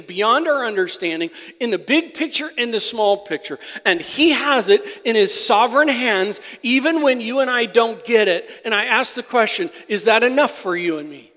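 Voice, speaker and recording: A male pastor preaching a sermon. He moves between quiet, confiding asides and loud, emphatic declarations. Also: extremely high pitch. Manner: impassioned, swings from soft asides to loud declarations. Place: church sanctuary. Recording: long hall reverb.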